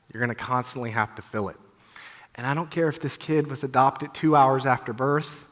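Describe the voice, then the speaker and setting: A man in his thirties addresses a conference audience, candid and heartfelt, talking casually at a middle pitch. His voice carries a long reverb from a large hall. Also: fairly bright tone. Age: 30s. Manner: candid, heartfelt, conversational with many "you know"s. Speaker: conference speaker. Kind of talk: personal testimony talk.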